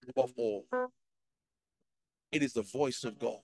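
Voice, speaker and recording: Pastor giving an urgent altar call. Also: male voice, medium pitch, very animated, unhurried, gravelly, long pauses, a little mellow, low-quality recording. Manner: urgent, repetitive, pleading. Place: church.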